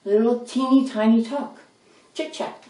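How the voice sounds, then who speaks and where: A woman voicing a patient, friendly male red rat who explains things gently, in a roomy, distant recording with faint noise. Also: fairly high pitch, steady tone, unhurried, faint music behind, voice pushed up, close to an everyday voice.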